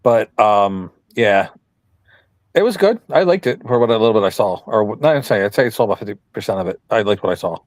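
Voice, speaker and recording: A man's voice: lowish voice, lively intonation, brisk, dry recording. A man co-hosting a podcast over a video call, giving blunt, offhand opinions. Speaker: podcast co-host. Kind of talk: casual chat.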